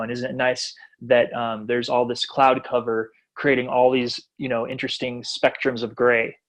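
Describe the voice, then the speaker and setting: A man's voice: mid-range voice, a bit bright, dry recording, low-quality recording. A man leading a personal growth class, enthusiastic and encouraging, affirming what others say. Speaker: class leader.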